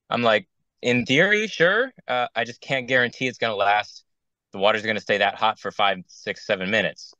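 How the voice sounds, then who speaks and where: A man's voice: lowish voice, animated, moderate pace, bright, forceful tone, no echo, muffled recording. A man working as a wedding DJ, telling a rambling, exasperated story on a casual round-table show, acting out both sides of each conversation.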